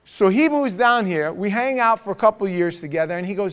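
A middle-aged preacher with a New York accent, his voice pitched a little above most men's. He tells stories from the pulpit in a loose, conversational way. He swings from loud, punchy declarations to low, confiding asides. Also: brisk, few pauses, clean tone. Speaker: pastor. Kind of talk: conversational sermon with storytelling.

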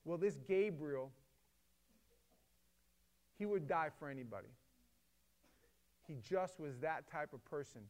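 A middle-aged man telling a story to a co-host with passion, swinging between loud emphatic bursts and hushed, quiet stretches. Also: on the high side, animated, takes it slowly, long pauses.

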